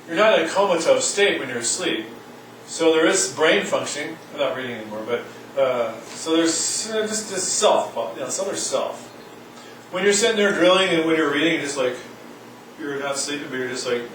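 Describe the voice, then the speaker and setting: A man's voice: a little high, fairly bright tone, recorded from a distance, slight background noise. Wry male lecturer in an echoey room. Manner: reads aloud and comments wryly. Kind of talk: classroom lecture.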